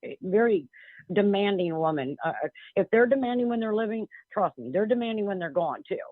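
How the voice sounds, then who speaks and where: A woman's voice: medium pitch, animated, quick pace, no echo. A woman calling in as a psychic medium guest, talking bluntly and emphatically with frequent restarts. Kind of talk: phone-in radio interview. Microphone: telephone. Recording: tinny phone line.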